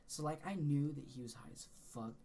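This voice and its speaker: A man's voice: a little high, fairly quick, slight background noise. Young man telling a wild story. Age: young adult. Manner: animated storytelling, swears a lot. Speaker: podcast co-host. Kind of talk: casual podcast chat.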